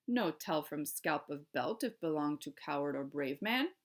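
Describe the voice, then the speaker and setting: A proud, sly little warrior man speaks in short, clipped bursts, as a woman puts him on. The voice is low and gravelly, blunt and bargaining. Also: lively intonation, unhurried. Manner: clipped, terse broken phrasing.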